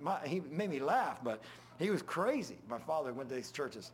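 An older man preaching an informal sermon, full of folksy stories and swinging between loud and hushed. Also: fairly high pitch, lively intonation, fast, slight background noise.

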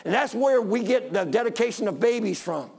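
A middle-aged male pastor preaching a sermon to his congregation, impassioned and repetitive, building up to shouting. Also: sits high, lively intonation, a little fast, vocal fry, slightly rough. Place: church sanctuary with congregation.

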